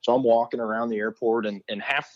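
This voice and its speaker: Animated male podcast guest, lo-fi audio. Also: mid-range voice, fast. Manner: animated storyteller acting out quotes. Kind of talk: casual chat.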